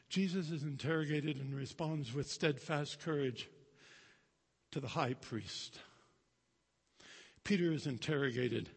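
A male pastor preaching a sermon and telling a story dramatically, swinging between loud and hushed. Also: medium pitch, husky. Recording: long reverb of a large hall.

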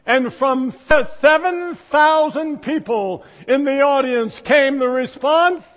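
Man, pastor, sermon, high voice, long reverb of a church hall. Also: takes it slowly, hardly any pauses. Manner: storytelling, shifts from hushed asides to loud emphasis.

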